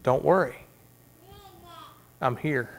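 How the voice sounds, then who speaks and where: A male pastor voicing a calm, reassuring holy man in a hushed, low voice during a sermon retelling. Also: takes it slowly, gravelly.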